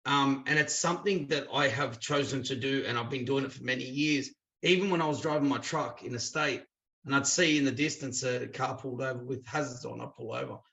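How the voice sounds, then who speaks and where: An Australian-accented man appears as an interview guest, telling stories casually and chattily while acting out the dialogue of people he quotes in lively voices. His mid-range voice is creaky, and he talks a little fast.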